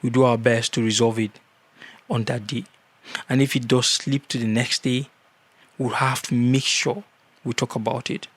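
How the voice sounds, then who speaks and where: A man's voice: mid-range voice, flat delivery, normal speed, pauses often, husky, dry recording. A man giving earnest marriage advice in a casual vlog, repeating key words for emphasis.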